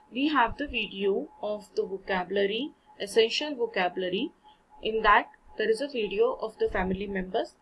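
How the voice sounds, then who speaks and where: A woman's voice: mid-range voice, husky, lo-fi sound. A woman from India, teaching a French textbook lesson, reading short dialogues aloud and explaining them casually in with frequent fillers.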